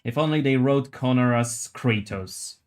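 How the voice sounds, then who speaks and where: A man's voice: medium pitch, unhurried. A man streaming live as he sculpts, rambling and joking with his viewers in a casual chat and swearing now and then. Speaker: livestreamer sculpting while chatting.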